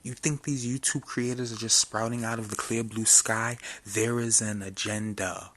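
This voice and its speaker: Forceful, husky ranting man. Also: fairly low pitch, steady tone, moderate pace. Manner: confrontational, profane, preachy. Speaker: vlogger. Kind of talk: ranting monologue.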